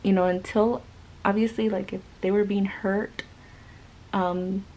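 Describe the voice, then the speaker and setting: A woman's voice: medium pitch, level tone, measured pace, a little mellow, rough recording. A woman vlogger and mother telling a story in casual chat, rambling with many fillers.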